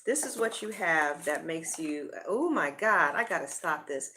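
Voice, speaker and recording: A woman's voice: sits low, lively intonation, unhurried, sharp tone, a little hiss or hum. A woman giving a casual tarot reading in a blunt, profane way of talking. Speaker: tarot reader.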